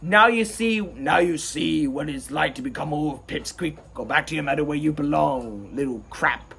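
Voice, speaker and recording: A bored, scornful male wolf, as a man puts him on drops his voice low and mutters his lines. He waves everyone off without raising his voice. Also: normal speed, creaky, a bit bright, a little hiss or hum. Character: gruff bored adult male wolf, dismissive.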